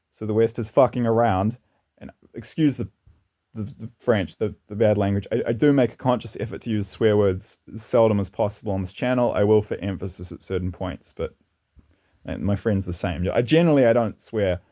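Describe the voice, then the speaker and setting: Low-leaning and dark in tone, the man's voice carries a rambling, sincere monologue on his own channel. He shares his views casually and laughs at times along the way.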